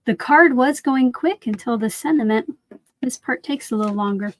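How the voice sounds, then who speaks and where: A woman's voice: on the high side, moderate pace, no echo. A woman hosting a craft livestream, chatting casually and answering viewer comments while she works, often saying "like".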